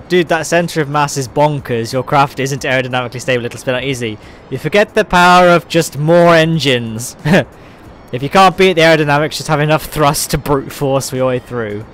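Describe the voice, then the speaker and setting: A man giving relaxed live commentary on a game he is playing, chatting with viewers and laughing often. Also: on the high side, moderate pace, a little hiss or hum. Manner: chatty, chuckling, talks to viewers. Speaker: streamer.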